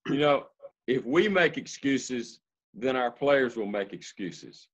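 A man's voice: medium pitch, animated, takes it slowly. An older man, a basketball coach hosting a podcast, speaking in an earnest, reflective, plainspoken way. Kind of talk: casual podcast interview. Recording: slightly muffled audio.

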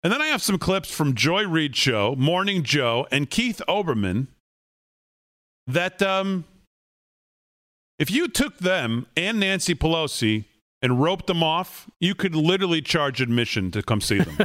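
A male talk show host with a bright, slightly high voice. He runs through the lineup briskly and throws in mocking asides. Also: sing-song.

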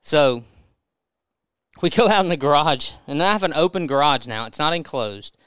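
Guy telling a funny story on a podcast, smooth voice, dry sound. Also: a little high, normal speed, no echo. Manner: animated, laughing storyteller. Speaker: podcast guest. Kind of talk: casual storytelling.

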